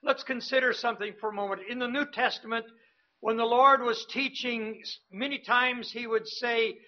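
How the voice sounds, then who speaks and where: A man who is a missionary, preaching a sermon slowly and emphatically, rising in pitch and volume when he repeats words. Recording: dull, lo-fi sound.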